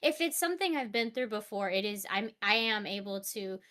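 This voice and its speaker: A woman chatting as an interview guest, relaxed and trailing off with restarts as she thinks aloud. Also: mid-range voice, a little fast. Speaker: guest voice actor. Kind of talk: casual interview chat.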